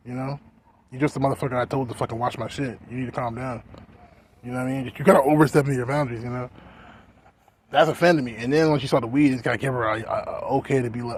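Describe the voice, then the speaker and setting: A man ranting casually in a vlog, rambling and profane, dropping to mumbles and rising to loud outbursts. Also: fairly even intonation, quick pace, a little hiss or hum. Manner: profane, rambling, keeps saying "you know what I'm saying"; swings between mumbling low and loud outbursts. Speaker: vlogger. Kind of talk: casual rant.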